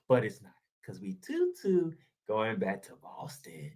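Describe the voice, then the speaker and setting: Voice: mid-range voice, wildly swooping pitch, moderate pace, fairly bright tone. A sports show host delivering a heated solo rant, sarcastic and casual, firing off rhetorical questions and repeating points for emphasis.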